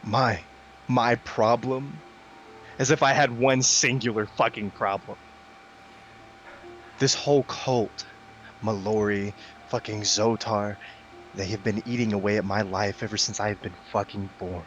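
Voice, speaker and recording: A man's voice: on the low side, fairly even intonation, measured pace, long pauses, dull audio, a little hiss or hum. A man playing Iker, a bitter raging young man. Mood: furious. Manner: loud, furious ranting with swearing. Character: bitter tortured young man full of rage.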